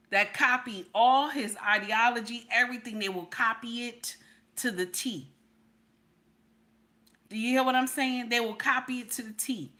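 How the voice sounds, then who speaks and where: Middle-aged female streamer, emphatic and repetitive, bright voice. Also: a little high. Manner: emphatic, repeats lines, talks to chat. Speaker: livestream reaction host. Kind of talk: casual livestream commentary.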